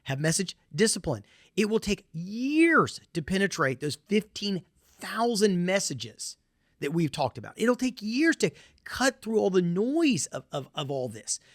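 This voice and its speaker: A man's voice: high voice, big pitch swings, a little slow, dry recording, studio quality. A middle-aged man with a Southern US accent, giving a conference presentation in an emphatic, repetitive way with folksy asides.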